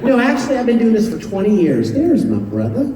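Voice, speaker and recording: A man's voice: high-pitched, wildly swooping pitch, brisk, warm tone. Playful man in an echoey hall. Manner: playful and teasing, laughs often, spells words out letter by letter. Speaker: voice actor guest at a fan convention Q&A. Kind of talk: casual convention Q&A. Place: large convention hall. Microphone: handheld phone camera from the audience. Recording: echoey convention hall from far off.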